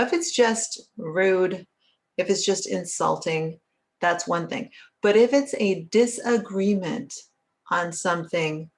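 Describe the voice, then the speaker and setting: A middle-aged woman therapist talking in a conversational, earnest way, often checking in with "right?". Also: lowish voice. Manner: earnest, often asks "right?" and acts out little quotes. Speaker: licensed therapist and author. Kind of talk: conversational teaching talk.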